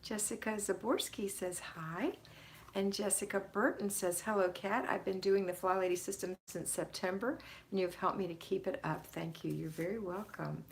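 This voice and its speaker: A woman's voice: mid-range voice, fairly even intonation, normal speed, gravelly, a little hiss or hum. A woman hosting a live stream, chatting casually, reading out viewers' comments and greeting them by name with frequent laughs. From Florida, United States. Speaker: host of a home-organizing live stream.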